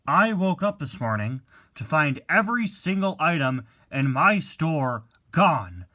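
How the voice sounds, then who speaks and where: A man voicing a gruff, loud male army jeep in a toy-car play story, barking his lines sternly. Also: fairly high pitch, animated, measured pace. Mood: angry. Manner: shouting, stern, drill-sergeant bark.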